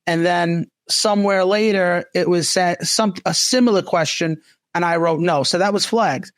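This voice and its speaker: A man's voice: high voice, normal speed, a bit bright, no echo. A man who used to be a police officer, co-hosting a casual talk show and talking in restarts and asides. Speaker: podcast co-host, former police officer. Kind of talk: casual discussion.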